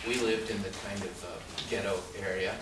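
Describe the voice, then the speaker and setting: A man born in Mexico and raised in San Diego, giving a storytelling talk as an author at a library and often laughing and jumping up in pitch. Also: brisk. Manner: lively, laughing storyteller with sudden jumps up in pitch and loudness. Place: public library event room. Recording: very echoey room, distant mic, noisy.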